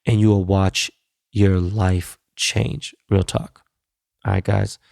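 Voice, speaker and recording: Gravelly, profane male podcast host. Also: low voice, flat delivery, slow pace, a little mellow, dry recording, clean studio sound. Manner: loose, profane and blunt, laid-back street slang. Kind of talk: casual solo podcast wrap-up.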